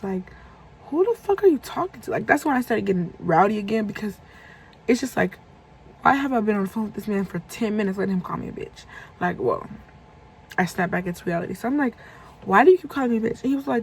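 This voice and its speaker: A woman's voice: mid-range voice, vocal fry, slightly rough, rough recording. A young woman in her twenties telling a casual storytime, animatedly acting out both sides of a conversation. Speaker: vlogger.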